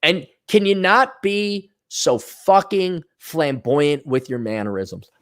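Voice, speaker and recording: Slow-speaking and fairly high-pitched, a man rants alone on his podcast with plenty of profanity and sarcasm. Scornful asides and mocking voices for quotes keep his delivery animated.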